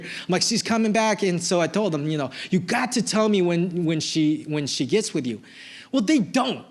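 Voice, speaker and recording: A male pastor preaching a sermon, telling a personal story in a casual, animated way with plenty of filler words. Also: high voice, a little fast. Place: church service.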